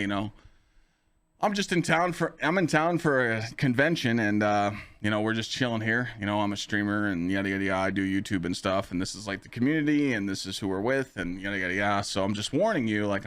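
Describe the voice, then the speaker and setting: A man hosting a podcast, telling a story in a casual, profane way, full of filler phrases. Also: fairly low pitch. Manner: animated, profane, full of "you know" fillers. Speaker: podcast host and streamer.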